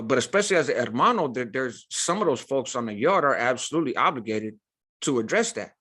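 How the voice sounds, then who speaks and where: A man's voice: medium pitch, sharp tone. A man telling a prison story in an emphatic, casual way, using street slang and frequent "right?" asides.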